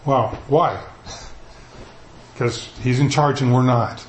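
Male pastor, casual sermon delivery, mid-pitched voice, roomy church sound with faint background hum. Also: takes it slowly. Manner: conversational, animated, paraphrases scripture in everyday talk. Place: church sanctuary.

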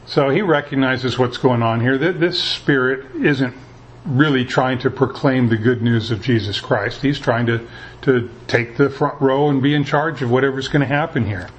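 A man's voice: mid-range voice, moderate pace. A man preaching a sermon as pastor, talking in a conversational way and often repeating words as he restarts.

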